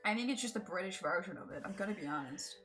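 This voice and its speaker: A Scottish woman whose accent falls between Edinburgh and Glasgow chats casually on a live gaming stream, swearing freely and laughing a lot. Her voice is lowish, animated and fast, with a fairly bright tone, and soft music plays in the background.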